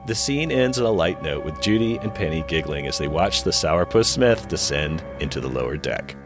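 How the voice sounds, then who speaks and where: A man's voice: rumbling low, expressive, normal speed, over music. A man co-hosting a podcast, retelling an episode's plot with wry asides between the narration. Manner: storyteller pacing, wry asides. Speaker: podcast co-host recapping an episode. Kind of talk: casual recap narration and chat.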